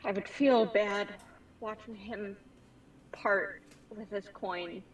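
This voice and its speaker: A woman playing a tabletop game, speaking in a slow, lilting way. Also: mid-range voice, fairly even intonation, far from the mic, slight background noise, poor audio. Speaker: player. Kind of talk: tabletop role-play.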